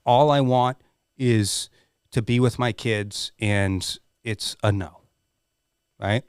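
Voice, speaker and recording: On a podcast, a middle-aged male guest swears freely as he shares a candid, emotional personal story with real earnestness. He talks slowly in a fairly low, clean-toned voice, captured in a dry, clean studio recording.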